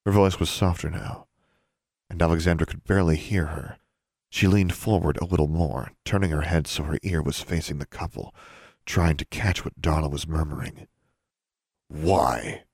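A man narrating a fantasy audiobook in a measured, suspenseful storytelling manner. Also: rumbling low, steady tone, vocal fry, breathy edge, no echo, clean studio sound.

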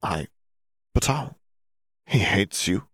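A man's voice: low-pitched, animated, slow pace, creaky, a bit bright, husky, exaggerated voice. A man voicing a defiant young grown son, speaking in a raised, strained, pleading tone. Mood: anxious.

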